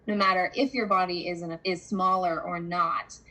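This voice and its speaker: A woman's voice: on the low side, fairly even intonation, moderate pace, pushed and bright, rough recording. A woman therapist speaking earnestly in a conversational interview, with frequent fillers like "like" and "you know". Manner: earnest, emphatic, many fillers.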